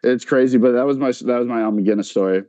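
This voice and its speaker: On a podcast, a man with a medium-pitched voice tells a long story in quick, casual chat. He's animated, uses "like" constantly, and quotes others in voices. The audio is dull, with no echo.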